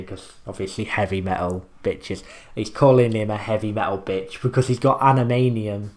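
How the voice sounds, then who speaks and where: A man's voice: on the low side, moderate pace, darkish tone. A young man hosting a reaction video, rambling casually as he explains lyrics and swears freely.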